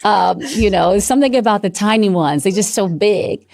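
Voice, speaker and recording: A woman's voice: medium pitch, gravelly, a little mellow. A young woman from the American South with a Southern accent, chatting casually and playfully as a guest. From Decatur, Georgia. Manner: playful, quick to break into impressions and other languages. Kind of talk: casual chat.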